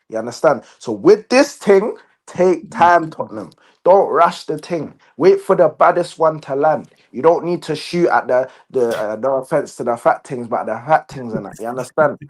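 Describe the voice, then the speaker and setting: A young man, speaking in a fairly high voice and piling on slang with constant "bro" and "you understand". His delivery is animated and insistent. The sound is dry and close, as if from a call mic. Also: no echo. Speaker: guest fan. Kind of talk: excited casual football chat.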